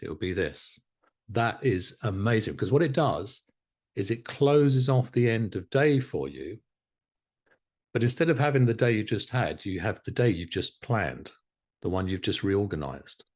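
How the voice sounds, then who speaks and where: A male instructor leads a live online hypnotherapy lab, his low voice swinging up and down with lively energy. He is encouraging and laughs easily, coaching students over a video call. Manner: animated, encouraging, laughs often. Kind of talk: live online class teaching.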